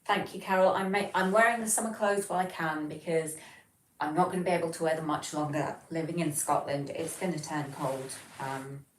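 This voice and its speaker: A woman with a general Southern English accent hosts a casual livestream, answering viewer messages in a low voice. She talks in a chatty, rambling way. Her voice sounds roomy, as if she is sitting back from the microphone. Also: fairly quick, a little hiss or hum. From England. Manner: chatty, rambling, reads chat messages aloud and answers them. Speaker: livestream host. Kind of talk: casual livestream chat reading viewer comments. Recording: roomy, from some distance off the mic.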